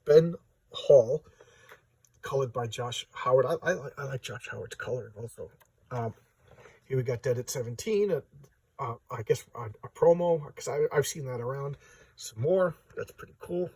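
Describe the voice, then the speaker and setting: A man's voice: mid-range voice, moderate pace, darkish tone, husky, dry recording. A man casually retelling a comic's plot in a rambling, stammering way. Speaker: comic book reviewer.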